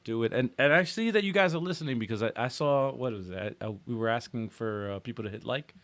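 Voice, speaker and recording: A man hosting a casual gaming podcast, loud and joking, swearing and laughing as he talks. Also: mid-range voice, fast, dry recording. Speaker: podcast host. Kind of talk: casual chat.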